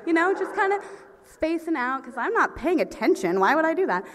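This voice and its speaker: A teenage girl on a stage runs through a self-mocking stand-up routine, acting out what she said back then. Her voice sits a little high and swoops widely from line to line. A long hall reverb trails each phrase. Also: a little fast. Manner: animated, self-mocking storytelling with acted-out quotes. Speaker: stand-up comedian. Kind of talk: stand-up comedy set. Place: stage in a hall with a live audience.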